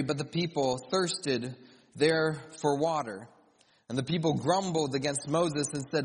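A man's voice: high voice, breathy edge. A man preaching a sermon in a conversational way, with joking asides between scripture readings. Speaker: pastor. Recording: reverberant hall.

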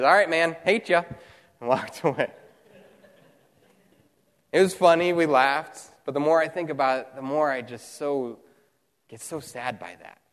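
A man preaching a sermon as pastor, telling a story with earnest, animated delivery and dramatic pauses. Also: medium pitch, big-room sound. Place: church hall, also streamed online.

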